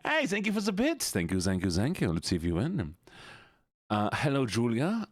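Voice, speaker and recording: A playful male streamer chatting casually with his viewers and teasing them. His pitch swings widely from line to line, and the sound is dry and close. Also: very animated, moderate pace, no echo. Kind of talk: casual live-stream chat.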